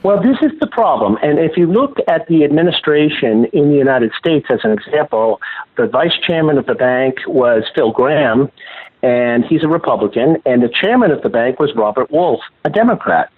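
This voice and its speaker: A man answers interview questions over a tinny phone line, his voice thin and narrow. He recounts events in a measured, emphatic way, at a middle pitch. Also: animated, slightly rough. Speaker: guest, former banker and whistleblower.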